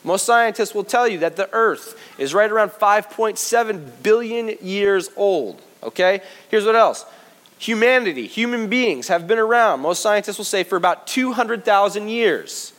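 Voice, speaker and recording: A man preaching a sermon to his congregation, lively and joking, talking straight to them. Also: high-pitched, moderate pace. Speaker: pastor. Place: church service before a congregation.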